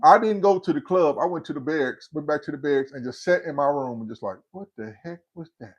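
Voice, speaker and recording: A man's voice: fairly high pitch, fast, breathy edge. A man in his fifties hosting a livestream, telling a story casually and acting out the voices of the people in it. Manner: animated storyteller who acts out quotes. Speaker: livestream host.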